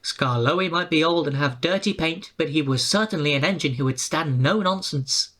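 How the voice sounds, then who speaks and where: A narrator reading a children's railway storybook aloud in a brisk, clear way. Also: medium pitch, a bit bright.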